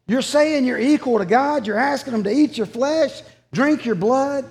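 A man's voice: very high-pitched, normal speed, darkish tone, voice pushed up. A man voicing a fretful group of male disciples, pleading in exasperation. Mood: exasperated.

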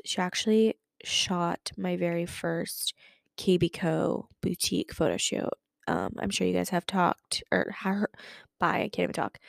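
Young woman, podcast host, casual chat, vocal fry, dry close sound. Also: fairly low pitch, dry recording. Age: 20s. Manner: chatty, lots of "like" fillers. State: lingering cough.

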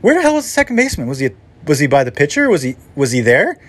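Rambling, animated male podcast host. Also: fairly high pitch, racing. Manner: rambling, self-interrupting, animated. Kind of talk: casual storytelling monologue.

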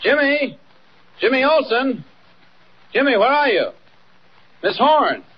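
Superman, a lively heroic man. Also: very high-pitched, unhurried, slight background noise, full character voice. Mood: urgent. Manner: commanding, coaxing a dog. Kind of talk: 1940s radio acting. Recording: dull old radio recording, far from mic.

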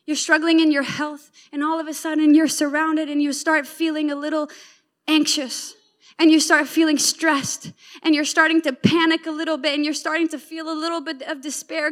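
A woman delivers a sermon in a high voice. She builds her points through emphatic repetition and retells the story with lively asides to her listeners. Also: normal speed. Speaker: preacher.

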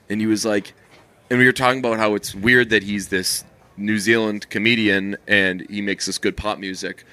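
A young man co-hosting a podcast in casual chat, rambling and swearing freely with deadpan teasing. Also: lowish voice, clean tone. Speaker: podcast co-host.

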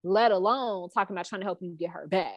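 A woman's voice: mid-range voice, fast, dry recording. A woman co-hosting a casual reality-TV chat, blunt, opinionated and profane. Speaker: podcast co-host.

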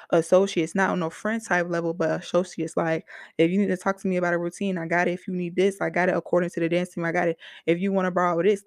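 A woman's voice: lowish voice, dry recording. A young woman hosting a podcast, telling a personal story in a frank, heated way with a lot of swearing. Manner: heavy profanity, frank and heated venting. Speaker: podcast host. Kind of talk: casual storytelling monologue.

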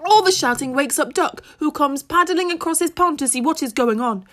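A woman's voice: high voice, a little fast, a bit bright. A woman narrating a children's story expressively in the first person, using childlike grammar. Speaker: audiobook narrator.

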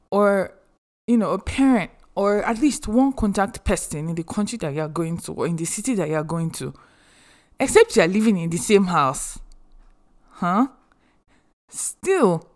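Young adult woman, podcast host, mid-pitched voice, chatty and expressive, joking asides. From Nigeria. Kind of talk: casual advice monologue.

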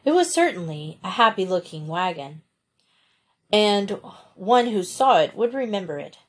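Woman, storybook narrator, measured and clear, mid pitch. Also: very animated. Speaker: audiobook reader.

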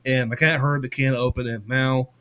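A man's voice: medium pitch, flat delivery, normal speed, fairly bright tone, clean tone. A man co-hosting a podcast, telling anecdotes in casual chat, often stammering and swearing. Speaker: podcast co-host.

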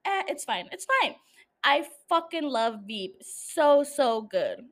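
A woman's voice: high voice, very animated, slow, fairly bright tone. A young woman hosting a solo podcast, chatting casually, swearing freely and laughing often. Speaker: podcast host.

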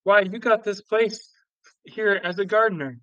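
Cast: chatty, folksy old gardener, high-ish clear voice, read by a man, dull lo-fi sound. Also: moderate pace, bright, forceful tone, no echo. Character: grateful old male gardener, talkative. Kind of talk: audiobook reading.

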